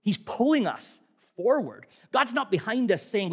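A man's voice: sits high, very animated, normal speed, husky. A middle-aged man preaching a sermon in a conversational, wry way, asking many rhetorical questions. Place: church hall. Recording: long hall reverb.

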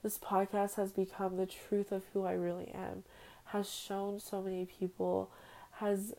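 A young woman records her own podcast on her phone while sitting on her bed at home, giving a heartfelt, rambling, emotional personal monologue. Her medium-pitched voice is slightly mellow with vocal fry, and the recording quality is low.

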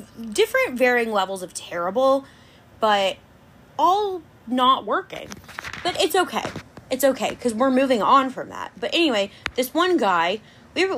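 A young woman hosting a podcast, telling a dating story in an animated, chatty way. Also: high voice, a little hiss or hum. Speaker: podcast host. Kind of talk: casual chat.

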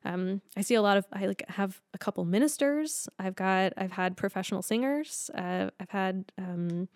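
A woman talks through her profession in an easygoing interview, full of "like" and quick laughs. Her voice is smooth and resonant at a middle pitch. The recording is close and dry. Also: no echo. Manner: chatty, fills with "like" and "um", laughs easily. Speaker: speech language pathologist guest. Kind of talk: casual explanatory interview talk.

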